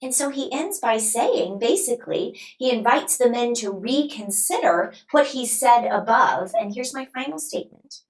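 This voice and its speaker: A woman guest, a New Testament scholar, explaining scripture in an emphatic, expressive way and acting out quoted speech. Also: a little high, moderate pace, hardly any pauses, poor audio.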